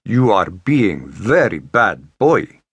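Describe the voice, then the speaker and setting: A man putting on a husky Russian dominatrix. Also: on the low side, very animated, takes it slowly, a bit bright, no room sound, heavily acted. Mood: scolding. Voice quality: throaty, husky.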